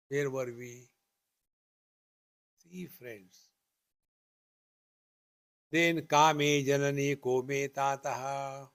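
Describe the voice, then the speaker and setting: An older man with an Indian accent gives a spiritual discourse, slowly repeating rhetorical questions. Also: mid-range voice, a bit bright. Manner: slow, deliberate, repetitive teaching with rhetorical questions. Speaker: spiritual teacher.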